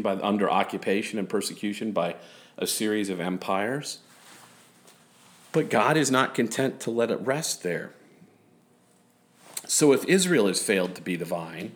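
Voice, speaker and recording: A man's voice: on the low side, expressive, moderate pace, pauses often. A man preaching a sermon in a conversational way, with self-deprecating asides. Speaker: pastor.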